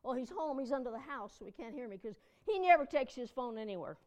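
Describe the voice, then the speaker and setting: A high-voiced woman pastor delivering a homey, conversational sermon. She spins personal anecdotes in a chatty, folksy way, laughing along and bursting into emphatic exclamations. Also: expressive, fast talker, darkish tone.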